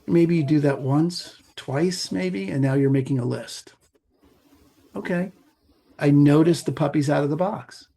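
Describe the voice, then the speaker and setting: Casting: middle-aged man, husky gravelly voice, a little high, loose explainer as interview guest. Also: measured pace. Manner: gravelly, husky, animated with playful asides. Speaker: meditation teacher, podcast guest. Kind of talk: conversational explaining.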